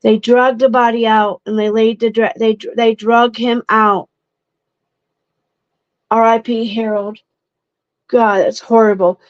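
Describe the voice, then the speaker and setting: A woman's voice: a little high, flat delivery, unhurried, long pauses, no echo. A young adult woman from Ohio commenting casually on true crime cases for her viewers, emotional and indignant, stumbling over words. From Ohio, United States. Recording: dull lo-fi dry sound.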